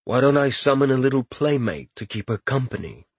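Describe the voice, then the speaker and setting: A man's voice: mid-range voice, lively intonation, fairly quick, slightly rough, no room sound. A man voicing a cocky, mocking male giant brawler who slips into put-on voices, in an audiobook. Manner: shifts into put-on voices, one a thick Latin accent.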